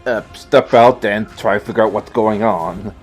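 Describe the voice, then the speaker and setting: A man's voice: fairly low pitch, moderate pace, over music. A man playing a tabletop game, talking in a casual, hesitant and stammering way. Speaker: player.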